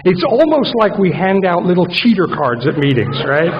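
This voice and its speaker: A man's voice: sits high, big pitch swings, moderate pace, hardly any pauses, background noise. Man telling a self-mocking recovery story. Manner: self-mocking, rambling, comic asides. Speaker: speaker at a recovery conference. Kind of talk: conference talk. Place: large conference hall with an audience. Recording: dull recording in a reverberant hall.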